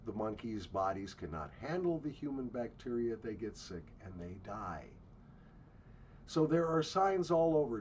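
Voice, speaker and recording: Sarcastic ranting man, lively delivery. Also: mid-range voice, measured pace, lo-fi sound, slight background noise. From United States. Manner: sarcastic, blunt and swearing. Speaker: travel vlogger. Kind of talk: ranting travel commentary.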